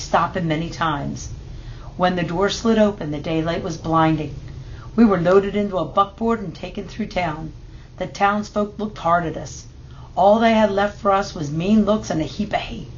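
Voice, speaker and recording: A woman reading a children's picture book aloud in steady, measured narration. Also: fairly low pitch, dull audio, a little hiss or hum. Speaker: storybook reader.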